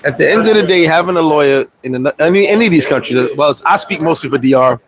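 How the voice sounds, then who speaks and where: A fairly high-pitched man speaks fast on a rough recording, with a crowd audible behind him. He's a vlogger who lives abroad in the Dominican Republic, telling an animated livestream story packed with swearing and impressions of the other people involved.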